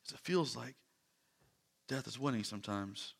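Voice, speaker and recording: A man preaching a sermon, earnest, dropping to soft hushed lines and rising to loud emphatic repetition. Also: mid-range voice, normal speed, vocal fry, breathy edge. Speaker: pastor.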